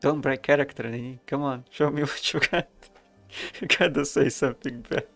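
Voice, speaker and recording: A man's voice: mid-range voice, steady tone, normal speed, fairly bright tone, soft background music. A man streaming a video game, reading the narration aloud with wry, casual asides.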